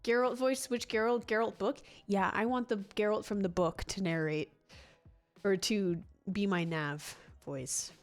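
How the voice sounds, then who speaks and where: A woman hosting a relaxed gaming livestream, chatting loosely with her viewers at an ordinary middle pitch. She rambles, restarts her sentences and breaks into laughs as she answers the chat. Faint music plays softly behind her. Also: unhurried.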